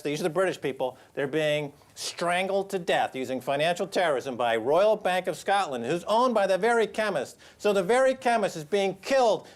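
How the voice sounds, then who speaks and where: A man co-hosting a talk show, giving mocking, exaggerated political commentary. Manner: mocking, exaggerated, sweeping pitch.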